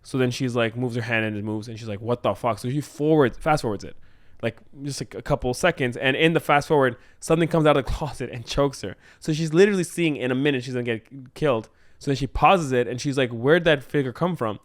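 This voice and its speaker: A man with a mid-range voice rambles through a story pitch, stacking fillers and acting out little lines with swearing. The recording is close and dry. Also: fast talker, no room sound. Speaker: co-host writing a script. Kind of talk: casual brainstorming chat.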